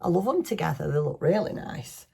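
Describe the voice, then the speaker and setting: Middle-aged Northern English woman, craft vlogger, low and husky, rambling self-deprecating chat. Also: animated, fairly quick, warm tone. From northwest England.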